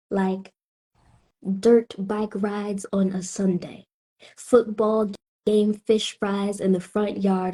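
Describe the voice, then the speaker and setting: A spoken word poet from Tampa, Florida, a woman with a Southern accent, delivering her lines in a slow, rhythmic way with weighty pauses. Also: mid-range voice, warm tone. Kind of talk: spoken word poetry performance.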